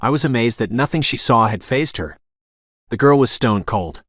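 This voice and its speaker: A man narrating a romance audiobook in first person, with a gruff, dramatic delivery. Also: medium pitch, expressive, normal speed, a bit bright, dry recording, studio quality.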